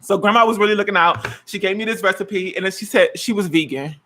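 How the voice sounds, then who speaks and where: A man in his twenties hosts a casual cooking live-stream from his home kitchen, sassy, dramatic and playfully teasing. He talks fast in a high-pitched, sharp voice.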